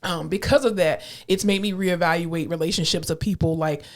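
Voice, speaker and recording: Animated woman nurse chatting on a podcast. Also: fairly quick. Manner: animated, acts out quoted voices with big pitch jumps. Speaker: podcast co-host; ICU nurse. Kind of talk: casual chat.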